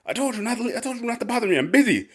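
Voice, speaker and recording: A man putting on the voice of an erratic, coked-up male store boss in a cartoon, yelling in a high voice. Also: sing-song, rapid-fire, heavily acted. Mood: manic, erratic. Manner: yelling, loud, high-pitched, spacey.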